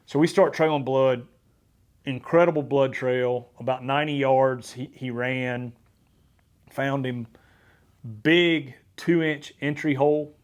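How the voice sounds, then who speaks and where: In a relaxed conversation, a male podcast host tells a story at a slow pace. His pitch is ordinary mid-range, his delivery animated, and he frequently restarts his sentences.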